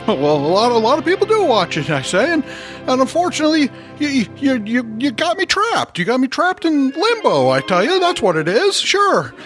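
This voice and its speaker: A man impersonating the ghost of an old-time male film star, folksy and halting, stammering and repeating himself. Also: very high-pitched, wildly swooping pitch, a bit bright, soft background music, voice pushed up, heavily acted. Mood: pleading. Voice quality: halting, drawling stammer with "I tell you". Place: podcast studio.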